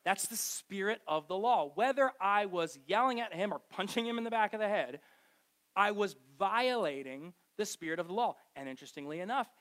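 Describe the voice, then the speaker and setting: A man's voice: sits high, lively intonation, a little fast, fairly bright tone. A middle-aged man preaching a sermon to a congregation, telling a joking story about growing up and acting out the quotes. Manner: conversational, self-mocking storytelling with acted-out quotes. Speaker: pastor. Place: church hall with a live congregation.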